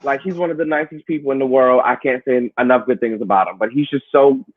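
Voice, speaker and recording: A man, a wrestler, talking in a casual interview, telling animated stories and laughing along the way. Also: mid-range voice, quick pace, no echo, narrow, tinny audio. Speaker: wrestler guest.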